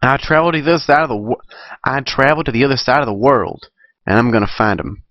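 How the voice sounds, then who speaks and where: A man's voice: medium pitch, fast, a bit bright, no echo, lo-fi sound, lightly acted. A man playing a gritty farm mare. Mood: determined. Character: determined tough farm mare, loyal.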